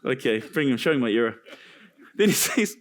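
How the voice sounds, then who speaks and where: A male pastor preaching a sermon in a church, animated and joking between points. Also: mid-range voice, brisk. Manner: animated preaching with jokes and asides.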